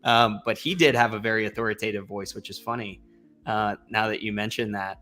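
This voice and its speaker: A man's voice: on the low side, fairly even intonation, brisk, bright, forceful tone, soft background music. A man hosting a casual interview in an upbeat, encouraging way. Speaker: podcast host.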